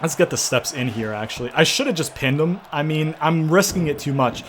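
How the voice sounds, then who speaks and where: A young man commentating his own wrestling game playthrough, swearing and yelling in frustration at the computer opponent. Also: on the high side, fairly quick, a little hiss or hum. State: sweating from yelling. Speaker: gaming YouTuber. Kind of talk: let's-play commentary.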